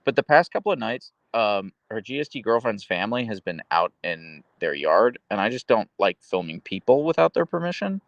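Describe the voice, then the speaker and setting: A man's voice: fairly low pitch, very animated, normal speed, creaky, hardly any pauses, dry recording, muffled recording. A man hosting a casual livestream, cooing at his dog in baby talk and reading viewer comments aloud while holding the camera. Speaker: livestream host. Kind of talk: casual livestream chat with pet. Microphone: handheld phone camera.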